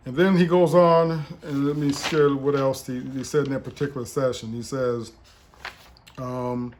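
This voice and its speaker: A man preaching as an apostle, relaying revelations in a slow, solemn voice with frequent restarts. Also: on the high side, darkish tone. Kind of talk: preaching testimony and prophecy.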